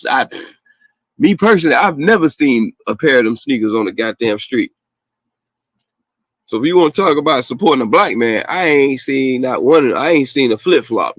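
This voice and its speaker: On poor, dry audio, a podcast host with a fairly high-pitched voice launches into a casual, profane rant. He's blunt and slangy, with heated asides and frequent laughs.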